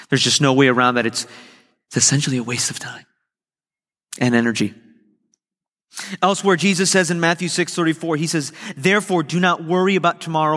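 A man preaching a sermon earnestly, slowing down and stretching key phrases for emphasis. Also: a little high, fairly bright tone. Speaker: pastor. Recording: long hall reverb.

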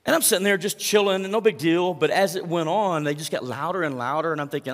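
A middle-aged man preaching a sermon as pastor, telling stories in an animated way that swings from hushed to loud. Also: fairly high pitch, fast talker, hardly any pauses. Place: large church hall. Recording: long hall reverb.

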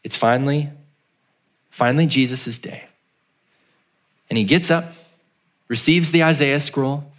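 A male pastor preaching a storytelling sermon in a mid-pitched voice. He acts out the townspeople in a raised voice, then drops low and quiet for emphasis. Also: measured pace, long pauses.

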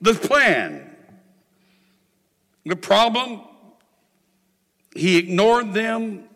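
A man's voice: high-pitched, huge pitch swings, a bit bright. Fervent preacher man in a reverberant hall. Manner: rhythmic, rising and falling preaching cadence, drawn-out refrains. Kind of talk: sermon.

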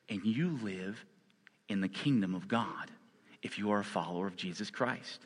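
A man's voice: fairly low pitch, normal speed, husky. A male pastor preaching a sermon, stressing his points by repeating phrases. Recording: long hall reverb.

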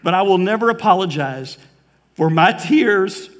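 A male pastor delivering an earnest sermon in a church, slowing down for emphasis and growing emotional at times. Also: high-pitched, lively intonation, big-room sound. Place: church sanctuary. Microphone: live preaching mic.

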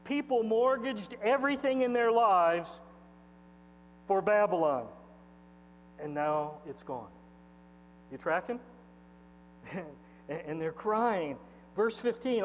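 A man preaching from the pulpit, pitched high for a male speaker. He reads scripture and leans hard on key words. His voice rings out in a long-echoing hall, dulled a little, with a faint mains hum underneath. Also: animated, slow pace, pauses often, highs cut off. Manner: expository preaching, reading scripture aloud with emphatic swings in loudness. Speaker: pastor. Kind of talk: sermon.

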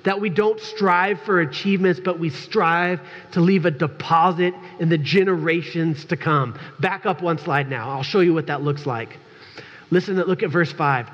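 Candid joking pastor in a reverberant church. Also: male voice, a little high, moderate pace, fairly bright tone. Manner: candid, joking, speaks straight to the congregation. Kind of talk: conversational sermon. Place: church sanctuary. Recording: dull recording with long church reverb.

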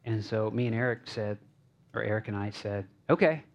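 Casual halting male pastor. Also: on the low side, little pitch movement. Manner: casual, halting, many fillers and restarts. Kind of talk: conversational sermon. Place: small church.

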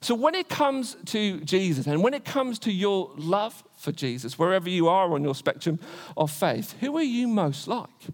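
A man's voice: high voice, very animated, moderate pace. A man in his twenties preaching a sermon, earnest, asking rhetorical questions again and again. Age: 20s.

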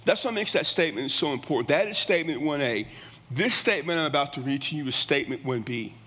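A middle-aged pastor preaches with earnest emphasis, his fairly high voice stumbling through restarts as he drives each point home. His words ring out with a long reverb from the church sanctuary around him. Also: expressive, quick pace, bright, forceful tone, breathy edge. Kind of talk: sermon.

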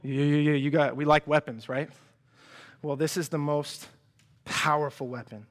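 A young man preaching a sermon in a church, animated and chatty, often restarting his sentences and acting out quoted voices. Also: a little high, moderate pace. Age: young adult. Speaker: pastor. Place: church hall.

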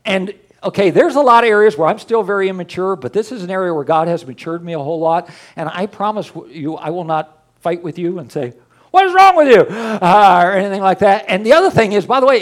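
An older man preaching as a pastor, conversational and folksy, with asides and a lively rise and fall. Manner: lively, often rising in pitch and loudness. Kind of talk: sermon.

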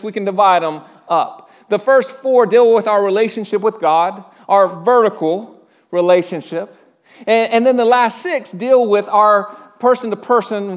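A middle-aged pastor preaching a sermon, conversational, with frequent stammered restarts and questions to the congregation. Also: male voice, high voice. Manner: asks the congregation questions and pauses for answers.

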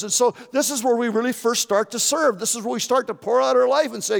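An older man in his seventies preaching in a church, his voice high for a man and gravelly. He talks earnestly, repeating and restarting his words. A long reverb trails behind him. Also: quick pace, few pauses. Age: 70s. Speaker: pastor. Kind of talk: sermon.

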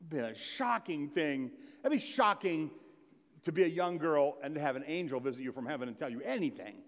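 A man's voice: on the high side, lively intonation, brisk. A man preaching a Christmas Eve sermon, talking casually and reading scripture aloud with rising emphasis, asking the congregation questions. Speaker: pastor. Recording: long reverb of a large hall.

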